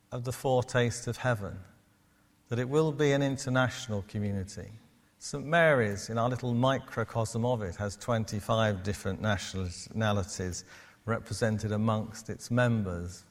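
Guy preaching, steady sermon voice, echo hanging in a big church. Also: lowish voice. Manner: measured, preaching to a congregation. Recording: long hall reverb.

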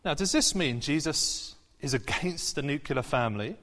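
A man's voice: fairly high pitch, lively intonation, normal speed, fairly bright tone, a little hiss or hum. A man preaching a sermon in an earnest, conversational way, with frequent fillers and restarts. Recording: long hall reverb.

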